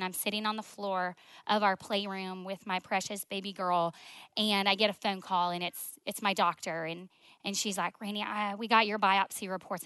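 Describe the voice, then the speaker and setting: A woman's voice: mid-range voice, bright, forceful tone, no echo. A woman, sharing a personal faith testimony in an emotional, storytelling way full of "like" fillers, dropping at times to a near whisper. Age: 20s.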